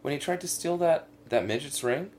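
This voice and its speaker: A man's voice: fairly high pitch, animated, brisk, darkish tone, a little hiss or hum. A man co-hosting a comedic radio talk show, trading dry, teasing banter. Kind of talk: casual comedic chat.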